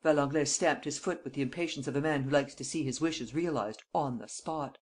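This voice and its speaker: An audiobook narrator reading a classic detective novel in a steady, even way. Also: mid-range voice, fairly quick, hardly any pauses. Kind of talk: scripted narration.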